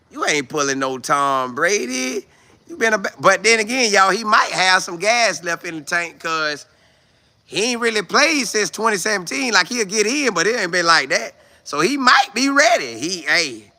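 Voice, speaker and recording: A man hosting a live stream, casually talking football in an animated, slangy way and answering viewer comments. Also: fairly high pitch. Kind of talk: casual sports chat, reading viewer comments.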